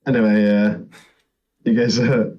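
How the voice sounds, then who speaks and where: A man's voice: on the low side, level tone, unhurried, dull audio, crowd noise. A man co-hosting a podcast, chatting casually and laughing often, with many tag questions. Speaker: podcast co-host. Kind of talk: casual chat.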